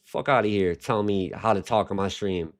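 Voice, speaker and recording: A man's voice: lowish voice, normal speed. A young man hosting a livestream, talking casually and ranting at his chat with heavy profanity. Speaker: livestream host.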